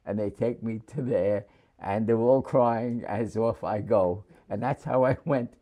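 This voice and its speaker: An older man from New City, telling his war memories in an oral history interview with frequent chuckles and halting restarts. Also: lowish voice, mellow. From New York City.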